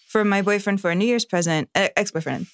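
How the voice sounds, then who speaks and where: A woman's voice: medium pitch, fast talker, dry recording. A woman guest on a podcast, chatting casually and telling stories in a wry way. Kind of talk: casual chat.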